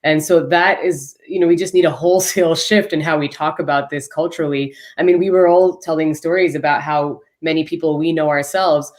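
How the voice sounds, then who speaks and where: A woman's voice: sits low, fairly even intonation, fairly quick, few pauses, a little mellow. Earnest woman making a long argument. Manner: earnest, articulate, speaks in long building arguments. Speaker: panel guest. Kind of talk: live panel discussion.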